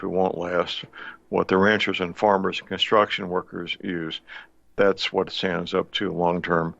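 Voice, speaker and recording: A man hosting a radio talk show in a folksy, deliberate way, with frequent pauses and fillers. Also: low-pitched, vocal fry, fairly bright tone, no echo. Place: home studio in the Missouri Ozarks. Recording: dull lo-fi dry studio sound.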